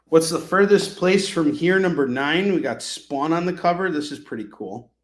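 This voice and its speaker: A man's voice: fairly high pitch, expressive, normal speed. A man hosting a live comic-book sale, chatting casually with viewers in a joking, sarcastic way. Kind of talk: casual live selling chat. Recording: echoey room.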